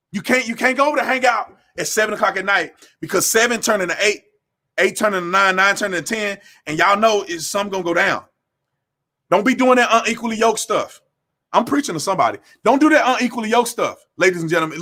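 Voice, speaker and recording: A man's voice: sits high, pushed and bright. A young adult man giving a blunt, scolding monologue on his own show, with a preacher-like cadence and lots of repeated phrases. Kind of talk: impassioned monologue.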